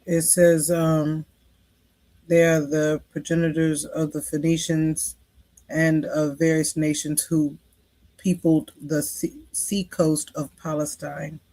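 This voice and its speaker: A woman student answers questions in a class, halting over words and deferring politely. She speaks very slowly in a soft, mellow voice. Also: low voice, flat delivery.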